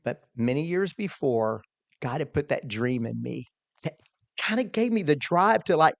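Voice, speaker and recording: A man telling an earnest, animated personal story as a podcast guest, quoting his own thoughts along the way. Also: a little high, normal speed, vocal fry, no echo. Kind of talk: storytelling in a conversation.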